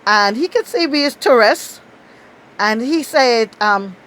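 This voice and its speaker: Animated Bahamian woman telling a story. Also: takes it slowly. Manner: animated, outspoken, laughs often, acts out quotes in high bursts. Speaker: travel storyteller. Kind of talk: casual storytelling.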